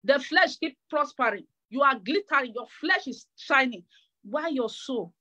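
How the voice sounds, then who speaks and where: High-pitched woman preacher; fervent sermon delivery, repetitive, stammering. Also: expressive, normal speed, pushed and bright. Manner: fervent, repeats phrases, stammering restarts.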